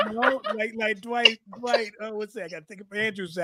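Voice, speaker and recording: A man, co-hosting a podcast and telling lively stories that he acts out in casual chat. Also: high-pitched, brisk, hardly any pauses. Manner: animated storyteller, acts out quotes. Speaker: podcast co-host.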